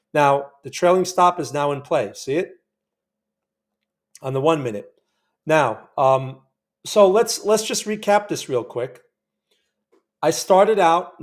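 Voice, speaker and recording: A man with a slightly higher-pitched voice hosts a live trading session. He talks casually and often asks his viewers to remember earlier trades. He gets worked up and talks straight at the price chart as he trades. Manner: chatty, keeps asking viewers to remember. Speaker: trading channel host. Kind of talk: live day-trading commentary.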